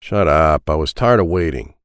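A man voicing a gruff, impatient young car thief who snaps orders. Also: lowish voice, very animated, brisk, darkish tone, dry recording, clean studio sound. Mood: scornful. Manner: snappish, bossy.

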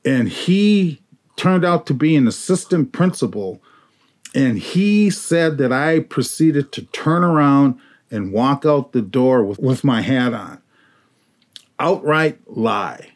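Slow, measured man telling a story. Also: mid-range voice, lively intonation, a little mellow. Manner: measured and reflective. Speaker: panel guest. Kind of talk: conversational storytelling.

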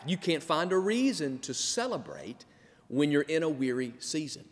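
Male pastor, slightly high voice, sermon delivery with repeated building phrases, long hall reverb. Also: expressive, normal speed, a little mellow. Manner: preaching with rising emphasis and repetition.

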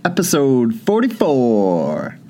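A man's voice: medium pitch, wildly swooping pitch, slow, dark tone, a little hiss or hum. A young man co-hosting a casual banter podcast, telling stories in a rambling way full of restarts and "like". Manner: rambling storyteller, restarts and likes. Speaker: podcast co-host.

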